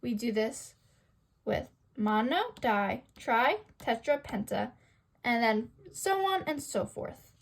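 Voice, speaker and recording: A young woman walks through a class presentation in a high, lively voice that swings up and down. She reads slowly and carefully and poses rhetorical questions to the listener. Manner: slow, sing-song reading with rhetorical questions. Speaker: student presenter. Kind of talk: school project lesson.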